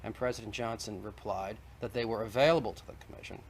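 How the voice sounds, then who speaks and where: On an archival 1960s televised debate, a male guest with a lowish, steady voice talks fast, pressing his case persistently and argumentatively, laying out evidence point by point. Slight background noise is audible.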